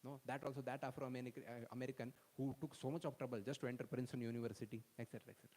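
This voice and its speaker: A man's voice: mid-range voice, steady tone, very fast, a little mellow, in a large hall, poor audio. A man giving a storytelling sermon to young people, constantly checking in with "okay?" and "no?". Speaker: speaker at a youth festival.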